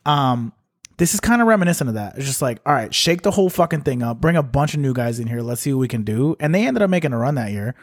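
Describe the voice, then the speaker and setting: A man's voice: medium pitch, lively intonation, fast talker, no room sound, studio quality. A man co-hosting a podcast, chatting casually about basketball in a rambling, laid-back way, laughing often. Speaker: podcast co-host. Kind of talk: casual sports talk.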